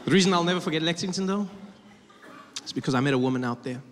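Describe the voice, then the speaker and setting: A man performing stand-up comedy, telling stories in an animated way on a theater stage, recorded in a hall with a laughing crowd. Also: on the high side, fast, a little hiss or hum. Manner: animated storytelling.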